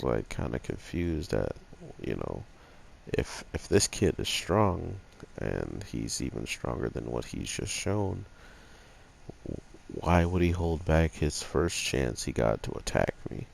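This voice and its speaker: A man's voice: extremely low pitch, vocal fry, darkish tone, a little hiss or hum. A man casually reviewing an anime episode late at night, sounding sleepy and rambling in a laid-back way.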